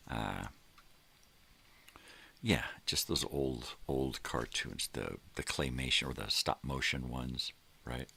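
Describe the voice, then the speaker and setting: A man's voice: very deep voice, creaky, pushed and bright, breathy edge. An older man hosting a morning show, talking in a casual, rambling monologue full of fillers that trail off.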